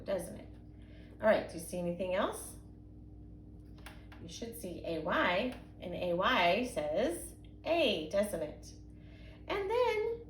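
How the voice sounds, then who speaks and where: Young woman teacher, patient sing-song phonics voice, roomy echo, faint hum, stretches out sounds for little kids. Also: medium pitch. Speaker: kindergarten and first grade teacher. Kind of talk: recorded phonics reading lesson for young children. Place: home, indoors. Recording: echoey room with faint background hum.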